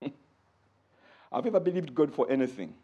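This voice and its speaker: A male preacher delivers a sermon with a lively, swooping delivery. His voice carries a husky edge. He jumps up high when he acts out quoted speech, then sinks low and quiet for asides. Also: a little fast, muffled recording. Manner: animated preaching, rising to high exclaims when quoting and dropping low for asides.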